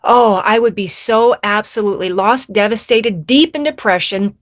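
A woman's voice: mid-range voice, moderate pace, no room sound. Woman radio guest, earnest faith storyteller, close dry studio sound. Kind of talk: emotional personal testimony.

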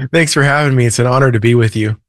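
A man's voice: medium pitch, brisk, dry recording, studio quality. A man, a preacher and author, earnestly retelling a Bible story as an interview guest.

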